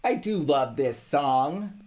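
A man musician talking casually about his own songs, halting and rambling with many restarts. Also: a little high, animated, a little mellow. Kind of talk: casual reflective monologue.

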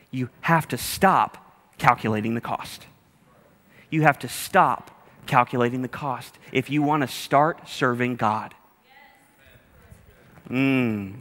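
A man's voice: mid-range voice, a bit bright, in a large hall. A man preaching a sermon as a pastor, talking in a humorous, conversational way straight to his congregation. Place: church auditorium with a congregation.

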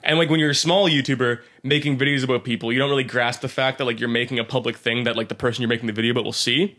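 A young man co-hosting a podcast, rambling quickly with many restarts in casual chat. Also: mid-range voice, steady tone, a bit bright. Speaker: podcast co-host.

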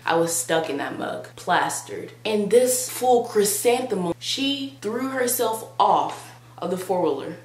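A woman's voice: mid-range voice, lively intonation, a little slow, hardly any pauses. A young woman vlogger telling a comic story in a dramatic, sarcastic, exaggerated way. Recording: roomy with faint hum.

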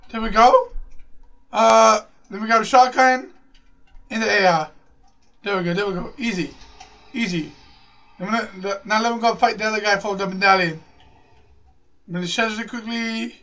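A man calls out live gameplay in a high, bright voice, jumping from one excited thought to the next. He repeats lines over and over and throws "bro" into nearly every sentence. His voice sounds a little distant from the microphone. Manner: excitable, repeats phrases, says "bro" constantly. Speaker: gaming channel host.

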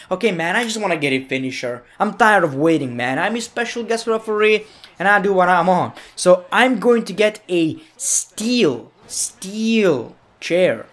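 Goofy high-voiced young gaming commentator. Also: male voice, lively intonation, a little slow, fairly bright tone. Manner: goofy, playful, mock-angry outbursts. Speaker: gaming YouTuber. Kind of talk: gameplay commentary.

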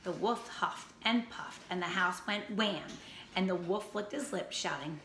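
A woman teacher reads a storybook to young children with slow, expressive pacing. Her voice is bright and clear. The room around her is echoey, with a faint hum of background noise. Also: fairly low pitch. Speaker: first grade teacher. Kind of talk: reading a picture book aloud to children. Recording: roomy echo, faint ambient noise.

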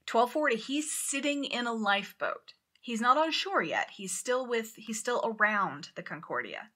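Bright-voiced woman telling a story animatedly. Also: fairly high pitch, moderate pace. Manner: animated, swears, acts out quotes loudly. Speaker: podcast co-host. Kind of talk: casual storytelling chat.

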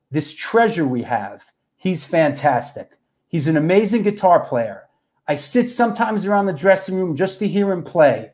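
A man's voice: a little high, a little mellow. A man hosting a casual livestream, chatting loosely with viewers and a guest, full of bro and yo. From New York. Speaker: host.

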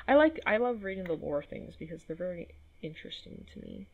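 A woman's voice: on the low side, sing-song, brisk, vocal fry, muffled recording. A woman casually commentating a game, chatty and swearing, reading in-game notes aloud. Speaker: gaming video host. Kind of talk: casual let's play commentary.

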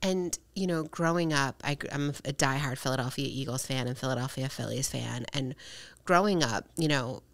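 A woman's voice: rumbling low, moderate pace, no room sound. A woman hosting a podcast, talking earnestly and chattily, often tagging her points with "right?". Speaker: podcast host. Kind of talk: casual conversational interview.

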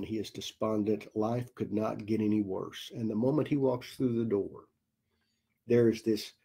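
A male pastor telling a story in a sermon, slow and deliberate with long dramatic pauses. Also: mid-range voice, vocal fry, mellow, breathy edge. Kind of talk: sermon storytelling in a recorded Bible study.

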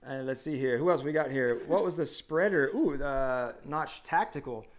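A man's voice: mid-range voice, normal speed. A man in his thirties co-hosting a live stream, reading viewer comments aloud in an upbeat, joking way. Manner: upbeat, reads comments aloud, hums while scrolling. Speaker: co-host.

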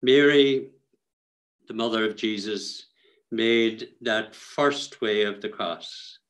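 An Irish priest leading the Stations of the Cross outdoors, speaking in a measured, prayerful manner. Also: male voice, lowish voice, a bit bright, rough recording. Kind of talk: prayer meditation. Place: outdoors on a hillside.

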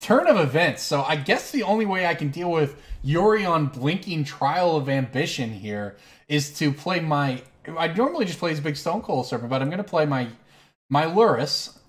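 A man with a fairly high voice talks at a moderate pace while hosting a stream of an online card game. Between moves he tells a long anecdote, rambling and correcting himself as he goes, an animated storyteller chatting casually.

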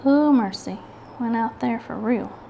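Her voice a little high, a little slow, and gravelly, a Southern-accented woman hosts a casual craft chat, rambling and self-deprecating as she works. The recording is muffled, with slight background noise.

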